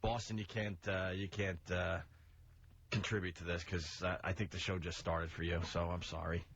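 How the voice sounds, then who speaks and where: A man's voice: low voice, little pitch movement, normal speed, creaky, a bit bright. A man hosting a radio talk show, chatting loosely as he reads out news stories and throws to callers. The sound is dull and lo-fi, with a faint hiss running under it. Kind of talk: casual radio banter.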